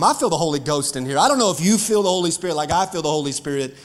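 A man pastor preaching a fiery sermon to his congregation, building up to shouts. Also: fairly high pitch, lively intonation, very fast, hardly any pauses, big-room sound. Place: church sanctuary.

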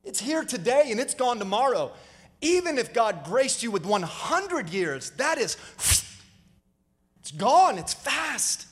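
A male pastor preaches slowly yet very animatedly in a very high voice, pressing the congregation to call back. The live sermon echoes with long hall reverb.

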